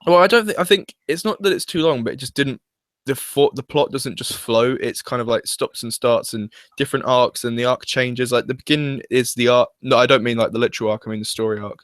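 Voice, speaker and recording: A man's voice: mid-range voice, brisk, dry recording. A young man chatting casually as a fan reviewer, hesitant and full of restarts and fillers. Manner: hesitant, restarts often, uses "like" a lot. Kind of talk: casual chat.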